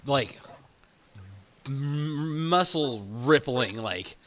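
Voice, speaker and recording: A man's voice: medium pitch, animated, very slow, a bit bright, lo-fi sound. A man running a tabletop game who narrates loosely, with many fillers and a lot of laughing. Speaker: game master.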